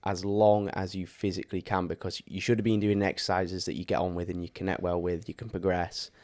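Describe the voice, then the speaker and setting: A man's voice: sits low, level tone, brisk, darkish tone. A man, a fitness coach co-hosting a podcast, explaining training advice at length in a casual chatty way with fillers.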